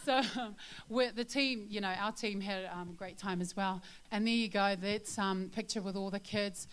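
A woman's voice: medium pitch, fairly even intonation, normal speed, clean tone. A woman sharing a testimony with her church congregation, a chatty storyteller full of fillers who turns earnest and confiding.

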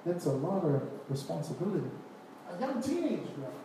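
A man preaching a sermon, animated, acting out scripture scenes with voices and laughter. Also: fairly high pitch, normal speed, background noise. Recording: echoey hall, distant mic, faint ambience.

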